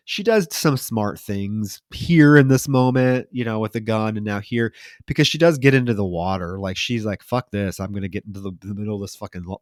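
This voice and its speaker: A man's voice: fairly low pitch, dry recording, clean studio sound. A man hosting a podcast, retelling a horror film scene by scene in a loose, profane way. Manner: lively, profane retelling with mock voices. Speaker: podcast host. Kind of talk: casual movie recap chat.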